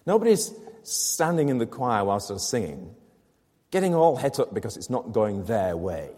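A man's voice: mid-range voice, big pitch swings, moderate pace, mellow, breathy edge, in a large hall. A man preaching a sermon to his congregation, explaining a scripture passage with rhetorical questions and emphatic repetition. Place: church.

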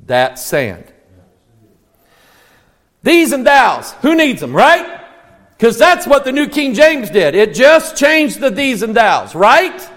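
A high-voiced man preaches a sermon in a sing-song, slow delivery, driving his points home with rhetorical questions and sudden near shouts. The long reverb of a large hall rings around his voice.

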